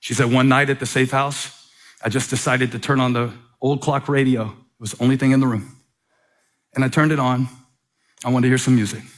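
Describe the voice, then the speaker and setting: A man's voice: medium pitch, steady tone. Man preaching a sermon in church. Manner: reads a letter aloud with dramatic pauses and repetition. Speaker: pastor. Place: church sanctuary.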